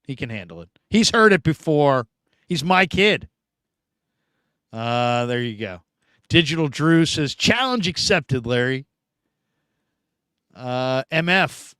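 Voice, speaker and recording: A man hosting a sports show, chatting casually and reading viewer comments, animated and talkative with loud bursts and quiet asides. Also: medium pitch, takes it slowly, pauses often, smooth, no room sound. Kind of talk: casual live-stream chat reading comments.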